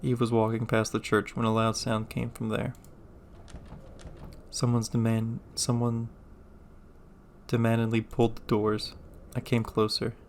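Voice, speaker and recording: Deadpan man reading game text. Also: medium pitch, a little slow, long pauses, slight background noise. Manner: deadpan, joking asides. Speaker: gamer. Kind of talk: reading game text aloud with casual commentary.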